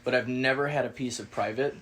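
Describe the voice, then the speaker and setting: Podcast co-host, man, casual animated storyteller, salty language, mimics the people he quotes. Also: medium pitch, fast talker. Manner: animated, swearing, acts out quoted voices.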